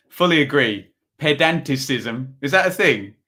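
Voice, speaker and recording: An animated, medium-pitched man from Ipswich talks a little slowly, his voice pushed and bright. Hosting a casual football livestream, he calls scores, reads out viewers' chat, and rambles with plenty of ums.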